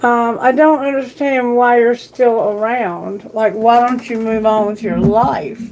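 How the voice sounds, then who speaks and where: A woman hosts a live tarot reading in an unhurried, deliberate way, her voice sitting a little high. She talks earnestly and sympathetically to her viewers and to Spirit. A faint background noise runs under her voice. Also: steady tone, a little mellow. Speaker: tarot reader.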